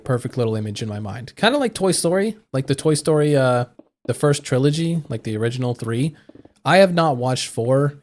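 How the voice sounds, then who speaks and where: A man's voice: medium pitch, a little mellow. Rambling young man chatting on stream. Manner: rambling, thinking aloud with fillers and restarts. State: hiccuping. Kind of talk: casual live-stream chat.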